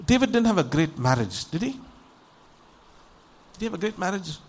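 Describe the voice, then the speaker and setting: A high-pitched man preaches unhurriedly, retelling a Bible story as if chatting. He brings it to life with acted voices and keeps asking his listeners rhetorical questions.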